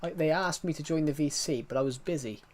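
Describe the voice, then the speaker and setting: A man's voice: fairly high pitch, fast talker. A man live-streaming a game, chatting casually and rambling to his viewers. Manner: rambling, chatty, talks to himself. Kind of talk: casual live-stream chat while gaming.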